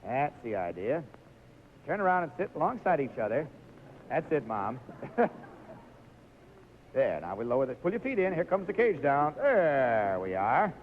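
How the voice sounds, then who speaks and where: Cheery game show guy with a lively bouncy voice, walking contestants thru stunts, muffled old tv sound. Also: mid-range voice, measured pace, pauses often. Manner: jovial, coaxing, walks contestants through stunts. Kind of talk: live studio game show hosting. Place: television studio with audience. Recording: dull lo-fi 1950s TV recording, faint hiss.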